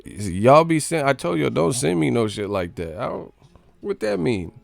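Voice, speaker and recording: Profane gravelly man ranting on a live stream. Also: medium pitch, normal speed, no echo. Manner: profane, animated, mocking. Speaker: boxing channel host. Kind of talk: casual live stream rant.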